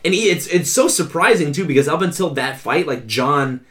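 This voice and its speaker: A man in casual podcast chat, excitable and swearing a lot. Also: a little high, moderate pace.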